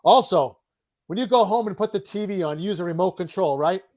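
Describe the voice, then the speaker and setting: A man with a Boston accent and a high-pitched voice hosts a live online chat over a video call. He is upbeat and repeats his key words as he quizzes his guest. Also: fairly quick, a little mellow. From Boston, USA. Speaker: host.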